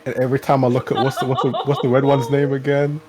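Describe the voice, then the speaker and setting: A man's voice: medium pitch, fast. A man chatting casually on a gaming stream, rambling and repeating himself as he talks. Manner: rambling, repeats words, animated. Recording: faint music behind.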